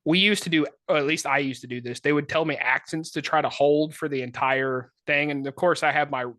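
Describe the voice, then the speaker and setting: A man co-hosting a podcast, telling casual, animated stories full of "like" and put-on voices. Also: a little high, fairly quick, no echo. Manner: animated, filler-heavy anecdotes with many put-on voices. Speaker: podcast co-host. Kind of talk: casual storytelling chat.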